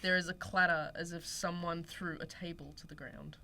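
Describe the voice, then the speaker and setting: Low-voiced Australian radio host woman. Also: steady tone, moderate pace, vocal fry, sharp tone, slight background noise. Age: young adult. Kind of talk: casual chat and reading a story aloud.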